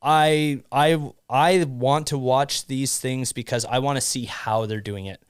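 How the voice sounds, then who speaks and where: A man's voice: mid-range voice, fairly even intonation, clear, resonant tone, dry recording, clean studio sound. A young man co-hosting a podcast, talking casually with lots of restarts and fillers. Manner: halting, many restarts and fillers. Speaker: podcast co-host. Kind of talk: casual conversation.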